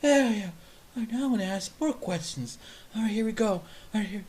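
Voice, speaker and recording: A man acting out a nervous, over-eager grown man at a panel, pushed up well above his normal pitch. He hesitates timidly, then blurts loudly and proudly. A comic bit in a casual podcast chat. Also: a little fast, slightly rough. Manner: timid, then bursting out loud and self-congratulating.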